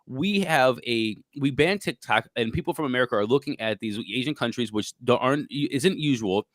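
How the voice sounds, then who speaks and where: A man's voice: mid-range voice, lively intonation, normal speed, a bit bright, no echo, clean studio sound. A man co-hosting a political talk show, pushing back hard and getting exasperated. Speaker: co-host.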